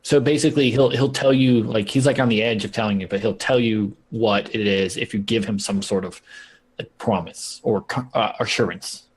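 A man's voice: lowish voice, normal speed, slightly rough. A man narrating a tabletop game as game master, in loose, rambling sentences full of likes and ums.

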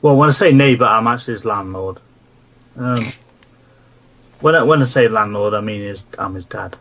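A man's voice: on the low side, normal speed, fairly bright tone, a little hiss or hum. A man hosting a comedic podcast, joking and rambling with stammered restarts. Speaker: podcast host.

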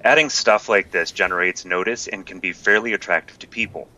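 A man guest-hosting a podcast, reading a listener email aloud in a plain, steady way. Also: sits low, a little fast, poor audio.

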